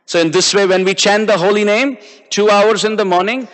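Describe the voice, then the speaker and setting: High-voiced man preaching in a hall. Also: fairly even intonation, a little fast, fairly bright tone. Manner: chanting Sanskrit verses, drawing out syllables. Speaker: visiting preacher. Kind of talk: devotional sermon. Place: temple hall.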